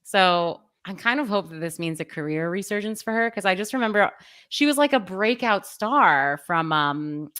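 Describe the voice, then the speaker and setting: A woman's voice: mid-range voice, lively intonation, normal speed, a bit bright, smooth. A woman co-hosting a pop culture podcast in casual chat, rambling through her thoughts and laughing often. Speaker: podcast co-host.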